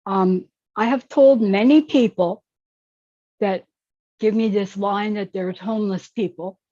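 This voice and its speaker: A blunt, outspoken woman speaks on an online call. She talks slowly and deliberately, with dull, lo-fi call audio and a dry sound. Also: mid-range voice, mellow, no echo. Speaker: panelist. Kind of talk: casual online chat. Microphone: video call.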